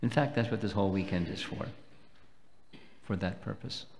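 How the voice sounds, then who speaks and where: Low-voiced guy giving a slow careful spiritual talk, lots of hall echo. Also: darkish tone, a little hiss or hum. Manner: measured, explanatory, slow and deliberate. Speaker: swami lecturing at a festival. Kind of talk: devotional lecture with questions. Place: temple hall. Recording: long hall reverb.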